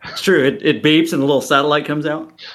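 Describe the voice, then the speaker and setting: A man's voice: a little high, fairly even intonation, fast talker. A man introducing his character as a player on a tabletop game podcast, hesitant and good-humored. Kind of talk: casual chat.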